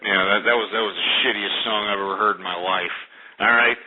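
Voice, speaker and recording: A man's voice: on the low side, fairly even intonation, quick pace. A man hosting a call-in radio show, ranting and hurling insults at callers. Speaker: radio talk show host. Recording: lo-fi phone-like radio audio.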